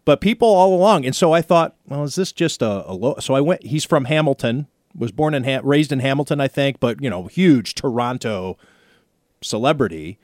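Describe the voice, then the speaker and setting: A male radio host spins a story with chatty, mock-outraged energy. His voice sits at a middle pitch and comes through dry, close to the mic. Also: animated, moderate pace, a little mellow, no echo. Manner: chatty storyteller, playfully indignant. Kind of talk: casual studio banter.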